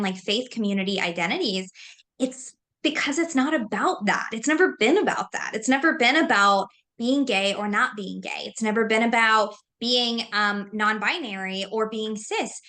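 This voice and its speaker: Chatty woman host, quick and casual, bright voice pitched a bit high. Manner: lively, conversational, uses "like" often. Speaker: host from a mental health company. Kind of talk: moderated discussion.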